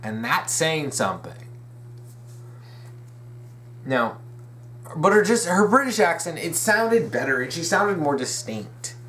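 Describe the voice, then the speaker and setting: A man's voice: fairly high pitch, sing-song, slow, pauses often, fairly bright tone, slight background noise. A young man hosting a casual fan commentary video, rambling, restarting his sentences and correcting himself with eager, opinionated enthusiasm. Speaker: video essay host.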